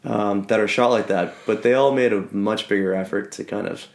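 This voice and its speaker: Male guest, low voice, relaxed and hesitant, recorded in an echoey room. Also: a little fast, gravelly. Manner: laid-back, hesitant, laughs often. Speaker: podcast guest. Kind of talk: casual film discussion.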